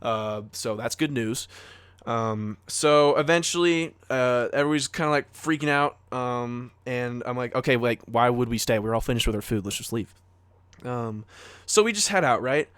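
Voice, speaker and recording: A man's voice: medium pitch, moderate pace, a bit bright, smooth, dry recording. Rambling young man telling a story. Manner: rambling, many fillers, acts out quotes. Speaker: podcast co-host. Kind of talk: casual storytelling chat.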